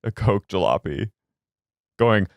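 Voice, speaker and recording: A man's voice: takes it slowly, gravelly, no room sound. A man co-hosting a podcast, chatting casually and swearing as he dishes reality TV gossip. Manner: animated, swearing, jumps into high put-on voices for quotes. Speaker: podcast co-host.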